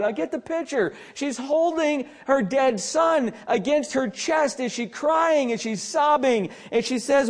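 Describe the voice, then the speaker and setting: A man preaching an earnest sermon as pastor, with emphatic stress and quiet asides. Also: extremely high pitch, expressive, measured pace, hardly any pauses.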